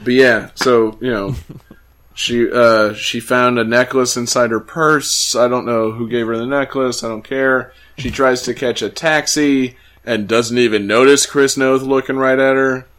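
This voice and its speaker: A man's voice: mid-range voice, fairly even intonation, a little slow, fairly bright tone. A man co-hosting a casual podcast, recapping a TV episode sarcastically, laughing often and acting out the characters' lines. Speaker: podcast co-host.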